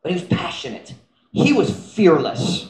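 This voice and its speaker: A man preaching a sermon as pastor, telling a story with animated energy and slipping into Cebuano phrases. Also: a little high, unhurried. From United States. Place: church sanctuary. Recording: echoey church with faint hum.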